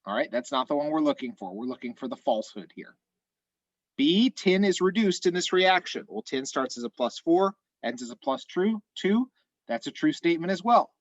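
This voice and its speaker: A man teaching chemistry in an online class, explaining methodically step by step, his voice a little hoarse. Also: on the high side, no room sound, highs cut off. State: slightly hoarse. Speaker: chemistry instructor.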